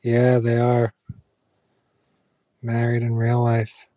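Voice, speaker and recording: Male streamer, relaxed rambling talk, warm low tone, dry booth sound. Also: takes it slowly, no room sound. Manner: relaxed, rambling, frequent fillers and restarts. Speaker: streamer chatting with viewers. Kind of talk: casual live-stream chat.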